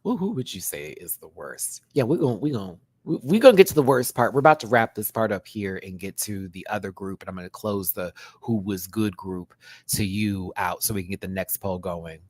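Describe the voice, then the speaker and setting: Animated, sassy man ranting on a live stream. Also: lowish voice, dry recording. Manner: sassy, animated, quick to laugh. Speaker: drag show reviewer and channel host. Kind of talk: live-stream review rant.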